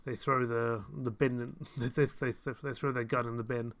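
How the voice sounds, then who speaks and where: Speaking at a moderate pace with little pitch movement, this young man keeps up casual commentary while streaming a game live. His medium-pitched voice carries a lot of rambling and self-mockery, broken up by frequent chuckles.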